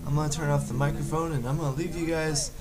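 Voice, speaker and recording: A man's voice: a little high, steady tone, fast, a loud crowd. A man hosting from a concert stage, speaking casually and hesitantly with fillers. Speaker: stage host. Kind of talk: live stage announcement.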